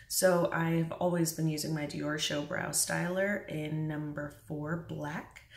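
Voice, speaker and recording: A young makeup vlogger with a deep voice chats through an early-morning tutorial at home, poking fun at herself and talking softly now and then. She stands at a mirror in a bathroom or bedroom, and the echoey room makes her sound far off.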